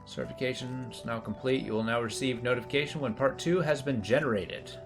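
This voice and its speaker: A man's voice: medium pitch, fairly quick, creaky, music in the background. A man streaming a puzzle game, commenting casually and reading the on-screen text aloud with offhand remarks.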